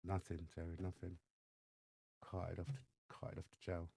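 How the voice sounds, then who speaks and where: A man with an English accent, a podcast guest telling his life story in lively fashion and acting out the voices of others. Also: low-pitched, unhurried, vocal fry, breathy edge, no echo. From England. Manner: animated storyteller acting out dialogue. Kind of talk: storytelling interview. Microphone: studio microphone.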